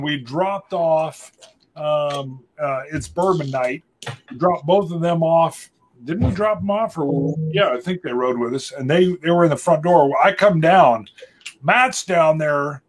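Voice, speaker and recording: Husky-voiced man, slightly high, animated storyteller in casual chat. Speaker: tasting panelist.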